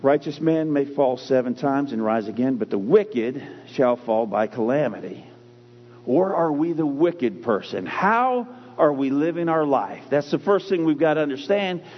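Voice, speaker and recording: A man preaching with a husky, slightly high voice that swings widely in pitch. He hammers key phrases through slow, drawn-out repetition. The recording is dull and muffled, with a long reverb ringing through a church sanctuary. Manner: emphatic, repeats key phrases with drawn-out stress. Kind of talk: sermon.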